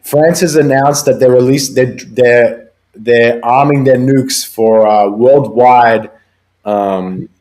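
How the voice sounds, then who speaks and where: A young man with an Australian accent co-hosting a casual livestream chat, loose and profane, often trailing off quietly. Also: medium pitch, takes it slowly. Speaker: podcast co-host.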